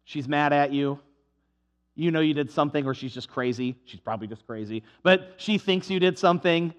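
A male pastor preaching a sermon, animated and humorous, acting out little dialogues as he goes. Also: fairly high pitch, a little fast, lo-fi sound. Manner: animated, acts out dialogues with comic voices.

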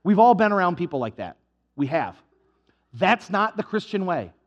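A male pastor preaching a sermon, animated and humorous, acting out little dialogues as he goes. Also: high voice, moderate pace, dull audio. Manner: animated, acts out dialogues with comic voices.

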